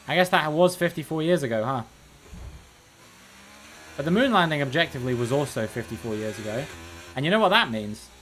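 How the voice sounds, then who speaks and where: A man's voice: a little high, a bit bright, a little hiss or hum. Joking, rambling male streamer. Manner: joking, rambling, sarcastic asides. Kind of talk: casual live commentary while gaming.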